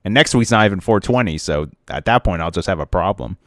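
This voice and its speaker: A young man co-hosting a podcast, chatting casually and joking around, with goofy excited bursts. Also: sits low, quick pace, dry recording. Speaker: podcast co-host. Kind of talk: casual chat.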